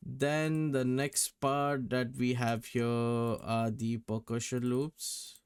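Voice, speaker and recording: A man's voice: medium pitch, little pitch movement, slow, few pauses. Male producer explaining his track in a casual tutorial voice over faint music. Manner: casual, repeats words for emphasis. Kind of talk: tutorial breakdown.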